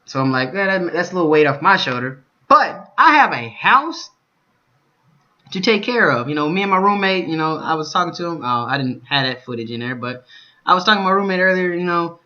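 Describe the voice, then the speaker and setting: A young man vlogging, telling a story, shifting from calm recounting to loud cursing rants. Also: fairly high pitch, fast, muffled recording. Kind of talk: storytelling vlog.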